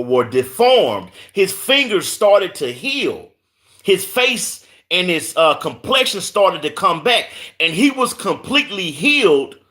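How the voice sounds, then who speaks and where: Sitting high, pushed and bright, this man's voice carries a Southern accent from Houston, Texas. During a casual live stream he reads viewer comments aloud, frequently stumbling on names and saying words twice.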